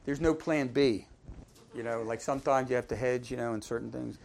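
A man preaching an informal sermon, conversational and folksy, asking the congregation questions and swinging between emphatic lines and quiet asides. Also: medium pitch, brisk, gravelly, a little hiss or hum.

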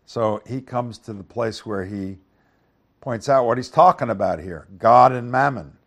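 A man's voice: expressive, slow pace, long pauses. A man teaching through Bible verses, reading scripture aloud and then explaining it in an easygoing, conversational way, often checking in with the listeners. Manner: reads scripture louder, then explains in a low conversational aside; asks the listeners "right?" and "okay?". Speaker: preacher.

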